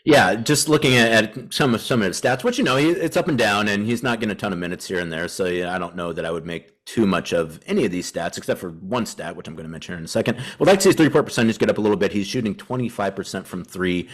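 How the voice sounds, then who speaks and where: Male co-host, low voice, quick delivery, analytical and stat-heavy. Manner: analytical, cites stats, long run-on thoughts. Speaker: podcast co-host. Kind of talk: casual chat.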